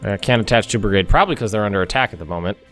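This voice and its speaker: A man's voice: on the low side, very fast, fairly bright tone. An American young man hosting a let's play, thinking aloud through a strategy game with frequent restarts and asides. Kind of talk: casual gameplay commentary. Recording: faint music behind.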